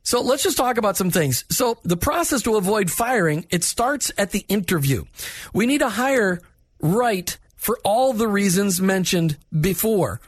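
Animated and measured, a man with a distinctly high, slightly rough voice coaches other managers with straightforward workplace advice in a conversational, instructive way. The audio is dry and close, with no echo or room sound.

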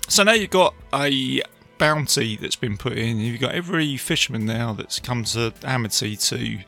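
A man casually recapping a film, chatty and enthusiastic, tossing in quick impressions of lines. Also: medium pitch, vocal fry, sharp tone. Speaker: film reviewer.

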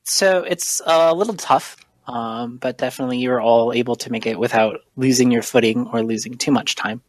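A game master narrating a tabletop role-playing session, describing scenes in a measured way with frequent ums. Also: medium pitch, dry recording.

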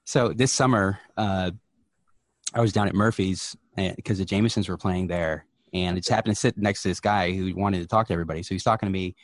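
Fast-talking, deep-voiced man from the US South. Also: no echo. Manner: matter-of-fact, tells stories quickly. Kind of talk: casual chat.

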